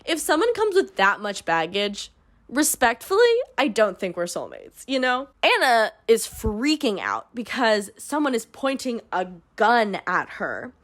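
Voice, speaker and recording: A woman hosting a book club, giving a casual, sarcastic recap of a novel with dry asides. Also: mid-range voice. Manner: sarcastic, dry asides, swings into mock character voices.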